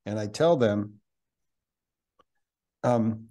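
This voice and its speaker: A man with a fairly low voice hosts a podcast conversation. He speaks in an animated, teacherly way. At times he eases into the slow cadence of a guided meditation. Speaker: podcast host and mindfulness teacher for physicians.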